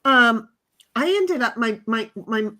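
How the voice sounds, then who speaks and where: A woman in her fifties, hosting a livestream and telling stories in casual chat, animated and frank, swearing and restarting her sentences. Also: fairly high pitch, takes it slowly. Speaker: livestream host.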